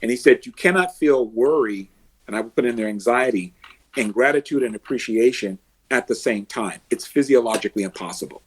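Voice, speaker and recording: Male podcast guest, life coach type, husky voice, mid-range pitch, lively storytelling that acts out the quotes. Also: brisk. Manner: animated storyteller, acts out quotes and heroic laughs. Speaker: emotional success coach.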